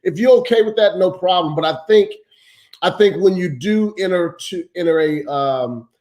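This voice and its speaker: A man's voice: sits high, moderate pace, darkish tone. A man hosting a casual morning show, asking questions in an earnest way. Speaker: host. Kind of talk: casual chat.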